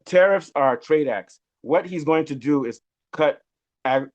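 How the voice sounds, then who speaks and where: A man's voice: fairly high pitch, a little slow, a little mellow. A man hosting a political discussion, emphatic and opinionated, often turning to his guest with rhetorical questions. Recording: muffled lo-fi sound.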